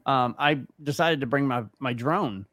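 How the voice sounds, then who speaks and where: A man's voice: medium pitch, a little slow, no room sound. A man co-hosting a podcast, telling a story in casual chat and acting out the other people's lines. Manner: animated, acts out quoted dialogue. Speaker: podcast co-host.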